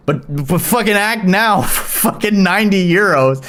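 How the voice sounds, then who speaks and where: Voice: medium pitch, expressive, unhurried, fairly bright tone. Profane, rambling live streamer. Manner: frequent swearing, rambling with restarts and fillers. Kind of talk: casual live-stream chat.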